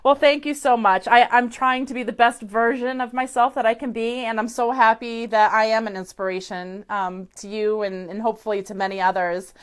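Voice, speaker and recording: A woman's voice: fairly high pitch, fairly even intonation, fairly quick, hardly any pauses, clear, resonant tone. A woman psychic medium giving effusive live-stream readings to viewers, chatty and gushing with many fillers, into a webcam or phone mic.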